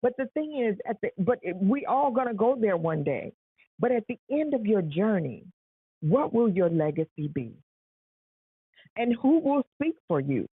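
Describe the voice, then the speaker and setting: A woman's voice: medium pitch, very animated, normal speed, slightly rough, no echo. A woman hosting a live stream, giving an earnest motivational talk and repeating rhetorical questions. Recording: tinny phone-like sound.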